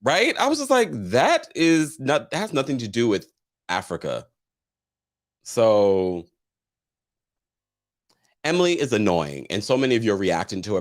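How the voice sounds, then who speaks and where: A man hosts a laid-back reality TV recap, chatty and animated, reading viewer comments aloud and laughing often. His voice is medium in pitch, and he speaks unhurriedly with long pauses.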